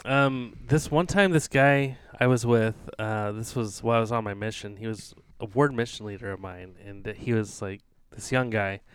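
Smooth-voiced man telling rambling stories. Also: on the low side, moderate pace, hardly any pauses. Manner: rambling storyteller, many fillers and restarts. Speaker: podcast co-host. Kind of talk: casual chat.

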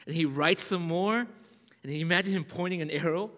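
A male pastor preaching a sermon as animated storytelling. He checks in often with "right?" and suddenly drops his voice to a whisper. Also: on the high side, a little fast. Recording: echoey hall.

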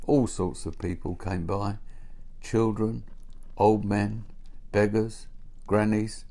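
A man reads a storybook aloud in a gentle, unhurried way. His voice is fairly low and has a gravelly texture. He takes his time over every sentence. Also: little pitch movement. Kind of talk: storybook narration.

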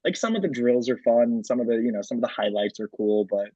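A man's voice: mid-range voice, animated, a little fast, warm tone, dry recording, dull audio. A man co-hosting a podcast, chatting casually about sports and leaning on lots of filler words. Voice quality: frequent filler words and restarts. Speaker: podcast co-host.

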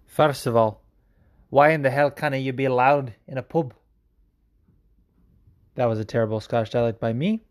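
A man's voice: mid-range voice, moderate pace, long pauses. A male podcast host in loose, casual chat. He rambles, uses plenty of fillers and laughs often as he works through listeners' voice messages.

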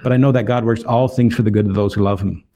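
Man, earnest storyteller, mellow warm voice, Bible testimony. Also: lowish voice, steady tone, fast. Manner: earnest, retells dialogue with emphasis. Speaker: street evangelist.

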